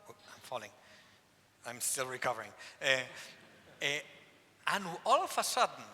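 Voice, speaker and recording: A man, a priest, preaching a sermon at a penitential service, telling stories with emphatic repetition. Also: sits high. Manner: emphatic, repeats key phrases, animated storytelling. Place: church. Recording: long church hall reverb.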